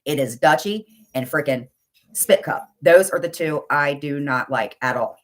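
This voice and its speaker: A woman's voice: sits low, unhurried. A middle-aged woman with a blunt, insulting, exasperated manner, ranting in casual chat on a livestream. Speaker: livestream commentator.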